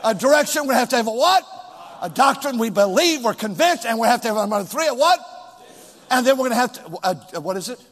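A male pastor preaching a sermon with call and response to his congregation, rising into shouts. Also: very high voice, big pitch swings, quick pace. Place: large church hall with two floors. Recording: long hall reverb.

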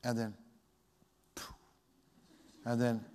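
A man's voice: medium pitch, little pitch movement, very slow, mellow. Man preaching in a reverberant hall. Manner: folksy, reflective storytelling. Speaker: pastor. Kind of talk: sermon.

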